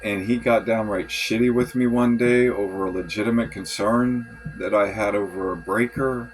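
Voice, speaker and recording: Frustrated low-voiced man venting. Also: steady tone, moderate pace, a little hiss or hum, poor audio. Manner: frustrated, rambling, swearing, many restarts. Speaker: vlogger. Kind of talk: venting journal monologue.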